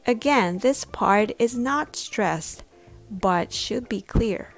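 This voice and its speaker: A woman's voice: fairly high pitch, soft background music. A woman pronunciation coach giving a scripted lesson, sounding out each syllable carefully. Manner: slow, deliberate, sounding out syllables.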